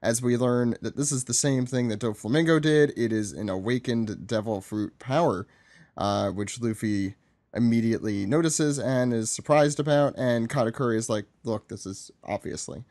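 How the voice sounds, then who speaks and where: A man guest on a podcast, recapping a comic in a relaxed, wry way with hesitant fillers and frequent laughs. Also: mid-range voice, normal speed, no room sound. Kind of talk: casual chat recapping a comic.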